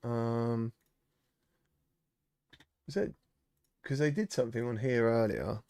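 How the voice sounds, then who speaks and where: A man's voice: mid-range voice, slow, vocal fry, mellow, clean tone, dry recording, clean studio sound. Chatty man greeting live-stream viewers. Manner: chatty, reads out viewer comments and greets them. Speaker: streamer host. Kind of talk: casual live-stream chat.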